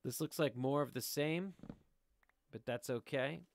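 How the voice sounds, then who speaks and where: A middle-aged man with a gravelly voice chats casually over his gameplay from a room at home, speaking into a desk mic. He rambles and cracks jokes, chatting to his viewers as he plays, and his pitch sits in the ordinary middle range. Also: unhurried, slight background noise. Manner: rambling, jokey, talks to viewers while playing. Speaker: gaming video host. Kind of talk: casual let's-play commentary.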